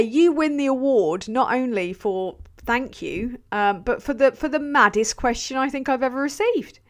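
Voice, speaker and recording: A woman hosting a casual livestream and answering viewer questions, excitable and sweary, laughing often. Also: high-pitched. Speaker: livestream host.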